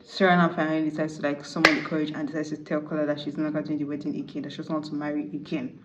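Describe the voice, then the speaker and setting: A woman recaps a movie in a quick, chatty flow full of fillers, acting out the characters as she goes. Her voice sits fairly low. The audio sounds slightly distant and dull, with a faint hum of noise behind it. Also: little pitch movement. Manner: chatty, full of "like", acts out the dialogue.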